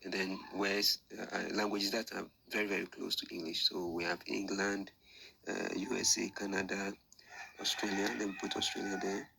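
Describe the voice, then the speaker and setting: A low-voiced man teaches an online class. He explains each step patiently, repeats himself and thinks aloud with small fillers. His voice is gravelly and forceful, with a faint hiss of noise behind it. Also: level tone, moderate pace, rough recording. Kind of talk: screen-share lesson explanation.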